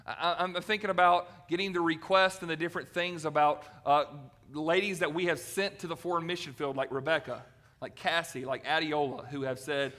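Pastor, man, bright tense voice, lively sermon delivery. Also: a little high, moderate pace. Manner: animated, acts out quoted voices. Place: church sanctuary.

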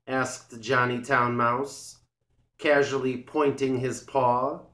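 A man reads a storybook aloud for English learners, slow and deliberate, each word set out clearly. His voice is mid-pitched. A roomy echo hangs around it. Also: little pitch movement, pushed and bright. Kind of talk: scripted storybook narration.

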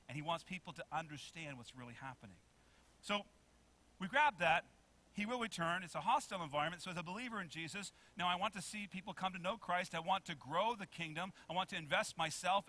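A man preaching a sermon in a church with a bright, ringing tone and a high-set voice. He is animated, acts out little quotes and keeps asking the congregation questions. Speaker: pastor. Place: church sanctuary.

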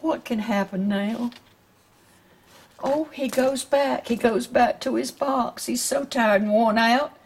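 A woman with a Southern US accent reads a picture book aloud to children, gently stopping to ask her listeners questions. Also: on the high side, slow pace, slight background noise. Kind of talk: storybook read-aloud.

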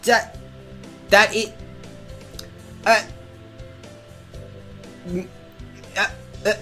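A woman's voice: medium pitch, fairly even intonation, sharp tone, soft background music. A woman commenting casually on a game as a let's-play host, profane and sarcastic. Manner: profane, sarcastic, slow drawling.

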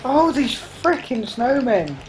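A woman's voice: high voice, very animated, slow pace, a little hiss or hum, rough recording. A woman casually chatting and exclaiming while playing a co-op game, laughing often and swearing mildly. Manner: exclaiming, laughing, mild cursing. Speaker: let's play host. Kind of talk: casual co-op gameplay chat.

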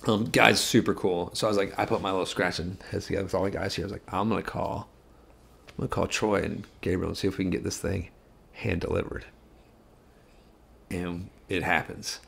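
A man who co-hosts a guitar shop channel, telling a story in casual chat. He rambles, jokes and makes quick asides. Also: low voice, steady tone, vocal fry, a bit bright.

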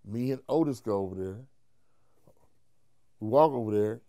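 A man, a comedian, telling an animated, profane story in an interview, mimicking the people he quotes. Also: normal speed, no echo, clean studio sound. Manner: profane, acts out quotes in high voices, laughs while telling.

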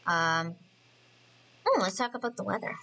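A woman hosting a casual let's-play commentary, chatty and excitable, often apologizing and thinking aloud as she plays. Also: medium pitch, moderate pace, gravelly, poor audio. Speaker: gaming channel host.

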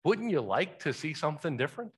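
A man's voice: a little high, very animated, quick pace, husky. A male pastor preaching a sermon in a church, talking conversationally and asking the congregation questions. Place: church sanctuary.

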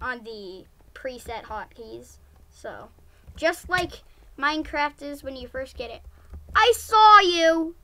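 A woman giving casual gameplay commentary, excitable and giggly, with frequent exclamations. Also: fairly high pitch, takes it slowly. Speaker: gamer.

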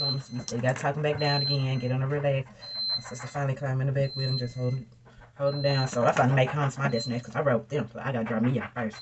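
A woman's voice: deep voice, fast talker, a little hiss or hum. A young woman, chatting animatedly to viewers while doing her makeup. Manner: animated, chatty, addresses viewers as y'all and girl. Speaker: beauty vlogger. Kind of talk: casual storytelling makeup tutorial.

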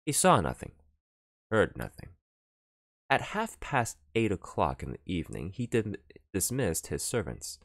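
A man narrating a classic novel as an audiobook, in an expressive, theatrical reading. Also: sits low, measured pace, gravelly, husky, no echo, clean studio sound.

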